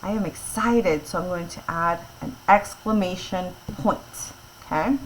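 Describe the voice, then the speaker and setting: Patient woman teacher with a lowish voice. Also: a little slow, a little hiss or hum, low-quality recording. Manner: patient, explains step by step and checks in with "okay?". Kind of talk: classroom grammar lesson.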